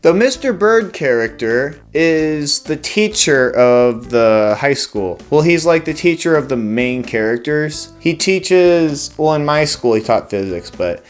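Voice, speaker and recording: A young man hosting his own channel, casually explaining his cartoon characters in a relaxed, rambling way with frequent fillers. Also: a little high, measured pace, few pauses, soft background music. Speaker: animator and channel host.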